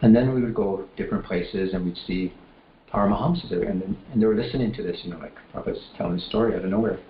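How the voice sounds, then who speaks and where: A man's voice: low voice, rapid-fire. A man telling devotional stories at a class in a loose, rambling way, full of fillers and restarts. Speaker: speaker at a temple class. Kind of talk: casual storytelling class. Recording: roomy echo, dull lo-fi, faint room noise.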